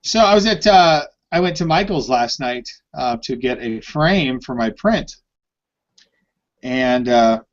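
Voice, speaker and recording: Animated storytelling man, lo-fi sound. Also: medium pitch, takes it slowly. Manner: animated anecdote-telling, swearing freely. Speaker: podcast co-host. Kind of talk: casual storytelling chat. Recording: dull lo-fi live stream audio.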